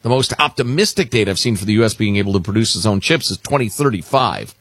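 A man's voice: on the low side, animated, fast, fairly bright tone, dry recording. A man co-hosting a talk radio show, chatting casually and wryly reading listener emails aloud. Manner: wry, conversational, reads emails aloud with emphasis. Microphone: studio microphone.

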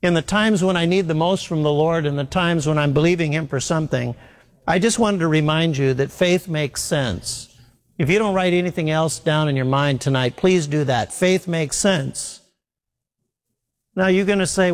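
A man's voice: high voice, normal speed. A man preaching a sermon in an earnest way, repeating key phrases and asking rhetorical questions. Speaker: pastor. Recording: long hall reverb.

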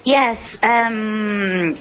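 A woman's voice: mid-range voice, a bit bright, low-quality recording. Earnest woman journalist from Venezuela. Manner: measured, earnest, with some fillers. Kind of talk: interview answer.

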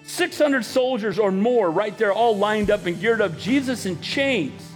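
A man with a high-pitched voice preaches a sermon. His delivery is emphatic, and he acts out the lines he quotes. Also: expressive, measured pace, faint music behind. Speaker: pastor.

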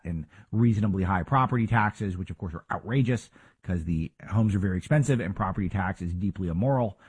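A man's voice: lowish voice, a little mellow, husky. A man hosting a talk show, giving emphatic, argumentative political commentary full of rhetorical questions.

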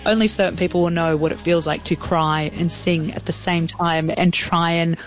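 Low-voiced woman in an old clip. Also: fairly even intonation, moderate pace. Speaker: singer recalling a performance.

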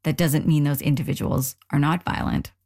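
A woman hosting a radio documentary, reading scripted narration in a measured, explanatory way. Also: deep voice, steady tone, gravelly, a little mellow.

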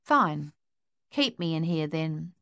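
A woman's voice: low-pitched, expressive, slow, vocal fry, bright, forceful tone, no room sound, studio quality, exaggerated voice. A woman voicing a sulky, defiant teenage boy in a story. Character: sullen defiant teenage boy locked in room.

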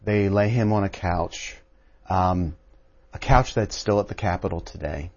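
A male author guest on a call-in radio show, telling his history with lively energy. His voice sits a little low. He breaks off and restarts his sentences often, and the broadcast audio sounds dull and lo-fi. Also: measured pace. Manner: animated storytelling with many restarts.

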